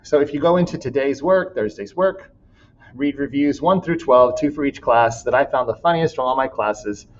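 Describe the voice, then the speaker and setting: A man's voice: mid-range voice, normal speed, lo-fi sound, a little hiss or hum. A man teaching a class in a recorded walkthrough, casual and laughing often as he reads student writing aloud.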